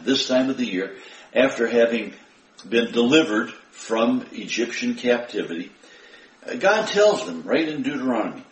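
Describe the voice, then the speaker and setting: A pastor delivering a sermon, stressing scripture readings with emphatic rises. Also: male voice, mid-range voice. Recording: roomy echo, from a distance.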